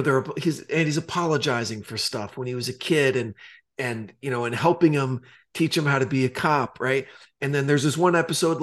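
A man co-hosting a podcast, retelling a TV scene in loose, animated chat and swearing casually. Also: mid-range voice. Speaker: podcast co-host.

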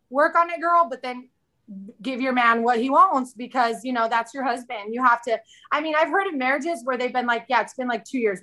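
A woman's voice: a little high, sharp tone. A woman in her thirties, a podcast guest in casual chat, candid and chatty, often quoting herself.

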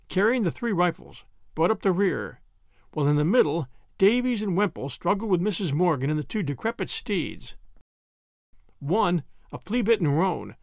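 A man reads a classic short story with dramatic flair and varied character voices. His voice is high and animated, with a gravelly rasp. The recording is dry and close. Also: no echo. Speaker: narrator. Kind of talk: audiobook reading of a short story.

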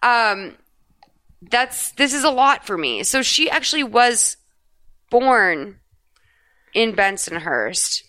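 Bright, crisp-voiced woman podcast host. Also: fairly high pitch, slow pace, pauses often. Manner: rambling, animated, frequent swearing and self-corrections. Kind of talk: casual chat recapping a movie.

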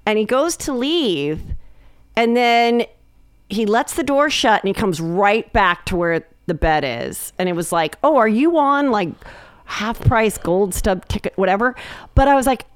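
A woman comedian tells stories in a relaxed chat and lifts her voice when she quotes people. Her voice is smooth and clear, medium in pitch, and sounds dry and close. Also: a little slow, dry recording. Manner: chatty, acts out quotes in a higher voice. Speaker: comedian guest. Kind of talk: casual chat, storytelling.

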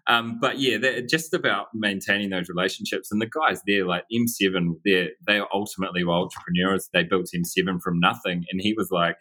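Brief: New male guest, 30s, deep voice with a sharp edge, chatty anecdotal delivery. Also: brisk, hardly any pauses. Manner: laughing, animated anecdote-telling with fillers. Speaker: company co-founder, guest. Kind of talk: casual storytelling interview.

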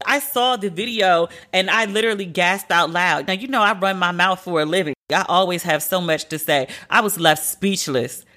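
A woman hosting a podcast, giving candid, profane commentary with sharp swings of pitch for emphasis. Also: normal speed, hardly any pauses. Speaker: podcast host. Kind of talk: casual commentary monologue.

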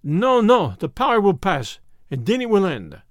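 A man's voice: high-pitched, huge pitch swings, moderate pace, no echo, studio quality, full character voice. A man voicing an agitated medium at a seance, with a trembling, pleading way of talking. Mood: shaken. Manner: trembling, pleading, formal phrasing.

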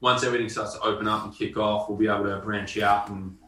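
An Australian man, a band member guest, talking in a relaxed way with lots of "like" fillers. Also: on the low side, quick pace, reverberant, recorded from a distance, rough recording. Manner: relaxed, uses many fillers like "like". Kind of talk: casual interview chat.

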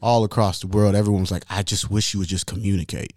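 A man hosting a casual chat, animated and profane, acting out what others say. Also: fairly low pitch, quick pace, dry recording, studio quality. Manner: animated, profane, acts out quotes.

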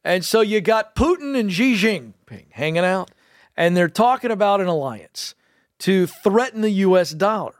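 Talk show co-host: animated, wry man, slightly high voice, dry studio sound. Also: normal speed, no echo. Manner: animated, wry, keeps turning to his co-host. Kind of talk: casual chat.

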